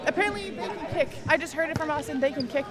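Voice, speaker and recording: A woman doing quick, playful sideline interviews at a live event, a little flustered. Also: sits high. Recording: loud crowd noise at live event.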